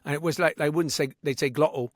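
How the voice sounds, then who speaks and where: A man, a voice actor, talking as a guest in a casual interview, animated and full of restarts, now and then sliding into accents. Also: fairly high pitch, fast, no room sound, studio quality. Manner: animated, slips into accents and impressions, many restarts.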